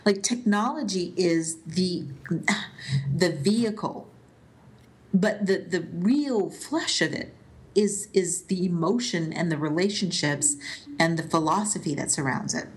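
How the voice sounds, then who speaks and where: A woman co-hosting a casual podcast, retelling scenes from a TV episode at length in an animated way. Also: lowish voice, unhurried.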